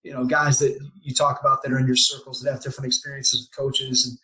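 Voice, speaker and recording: A male podcast host talks through a long, rambling, reflective question. His pitch stays flat and even, at a middling level. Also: quick pace, a crowd in the background, low-quality recording. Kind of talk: casual interview talk.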